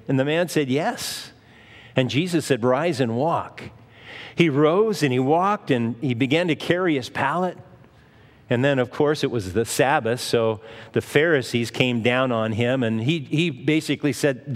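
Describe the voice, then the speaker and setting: A man's voice: medium pitch, a little slow. Man preaching in a reverberant hall. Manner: conversational preaching, acts out Bible voices. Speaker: pastor. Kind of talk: sermon.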